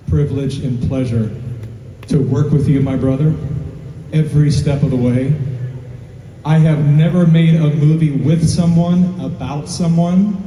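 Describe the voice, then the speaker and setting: A man's voice: on the high side, mellow. A man speaking to a live audience at a film premiere, earnest and grateful, building to emphatic peaks. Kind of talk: heartfelt speech to a live audience. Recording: roomy hall, voice from far off, crowd and noise behind.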